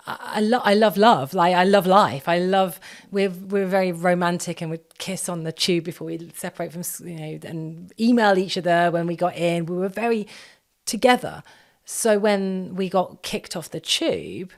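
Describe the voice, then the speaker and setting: Woman guest telling a story, deep voice with lots of fry, animated. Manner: animated, acts out quoted dialogue in quick bursts. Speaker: podcast guest, shaman. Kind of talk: storytelling in conversation.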